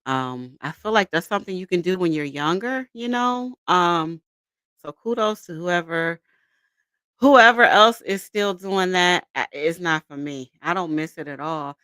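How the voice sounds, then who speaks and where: A woman's voice: on the low side, measured pace, fairly bright tone, clear, resonant tone, no room sound. A woman in her thirties hosting a casual livestream, greeting viewers by name and laughing often as she chats. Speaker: livestream host.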